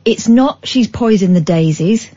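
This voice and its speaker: A woman co-hosting a late-night radio show, cutting in with dry, quick quips. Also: mid-range voice, lively intonation, dark tone, dull audio. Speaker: radio co-host.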